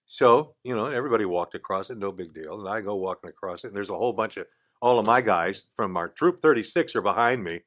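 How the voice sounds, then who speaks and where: In a low-ish voice and at a quick pace, this older podcast guest spins an informal anecdote in a radio studio. He's animated throughout, imitating each character's voice as he goes.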